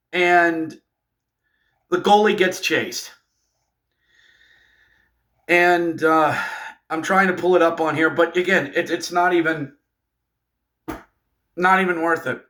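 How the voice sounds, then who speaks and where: A man ranting through a fan recap of a hockey game, exasperated and sarcastic, breaking into shouts. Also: high-pitched.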